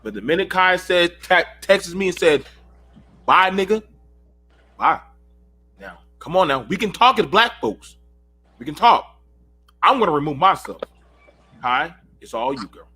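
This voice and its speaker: A man's voice: a little high, big pitch swings, measured pace, pauses often, sharp tone, breathy edge. A man in his thirties hosting a heated panel call, preachy and emphatic, often repeating himself. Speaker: host of a panel call show.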